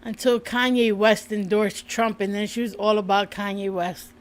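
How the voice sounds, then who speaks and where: A woman's voice: medium pitch, steady tone, normal speed. A woman co-hosting a casual livestream, laughing often and talking loosely with some swearing. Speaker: livestream co-host. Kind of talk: casual live-stream chat.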